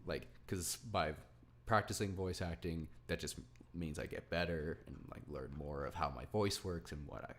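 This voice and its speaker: A man's voice: low voice, normal speed, fairly bright tone. A young man hosting a casual podcast chat, rambling with lots of likes and frequent laughter. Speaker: podcast host.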